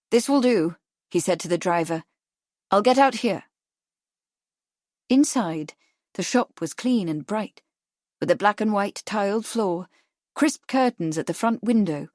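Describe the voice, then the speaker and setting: A woman narrating a mystery audiobook in a calm, measured reading. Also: mid-range voice, no room sound, studio quality. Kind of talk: scripted narration.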